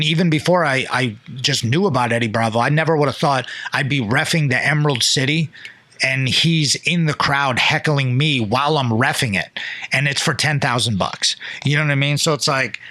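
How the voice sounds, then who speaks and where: A young man casually telling a loose, profane story on a podcast, jumping into quick impressions of people. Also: mid-range voice, sharp tone, no room sound.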